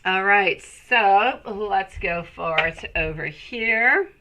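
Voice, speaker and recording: A woman's voice: medium pitch, extremely slow, sharp tone, slight background noise, rough recording. A woman giving a live-stream tarot reading, chatty and affectionate, calling viewers sweetie. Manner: chatty, rambling with restarts. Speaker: tarot reader.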